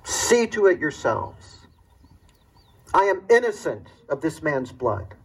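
A man's voice: on the high side, very animated, slow, vocal fry, slightly rough, heavily acted, rough recording. A man voicing an angry, proud Roman governor who speaks in a raised, demanding voice. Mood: cold, formal.

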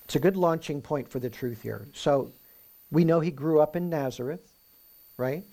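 A man preaching through a Bible passage in a conversational way, often checking in with "right?" and reading the verses slowly with emphasis. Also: a little high, mellow. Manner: reads scripture aloud slowly and with emphasis. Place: room with a live audience.

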